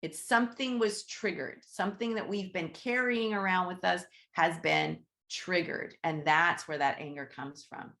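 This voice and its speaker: A Reiki teacher leads a casual group session over a video call, speaking in a lowish, gravelly, slightly bright voice at a measured pace with hardly any pauses. She stays conversational, frequently adds "right?", and acts out her inner thoughts.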